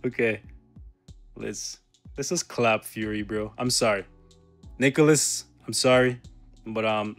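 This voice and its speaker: Young male gaming host, mid-range voice, casual slang commentary, faint music bed. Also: mid-range voice. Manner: slangy, joking, bursts into loud laughs and shouts. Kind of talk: live gameplay commentary.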